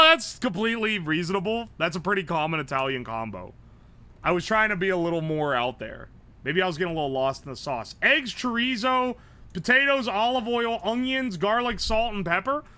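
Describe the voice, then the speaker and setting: Sharp-voiced, high, lively male streamer. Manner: blunt, profane, quick reactions. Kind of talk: live-stream gameplay commentary.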